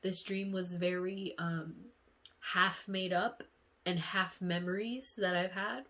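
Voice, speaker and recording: Woman vlogger, teary and emotional, unhurried delivery, frank and profane. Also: lowish voice, fairly even intonation, pushed and bright. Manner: emotional, sighing, candid and profane. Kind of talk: casual dream-diary vlog.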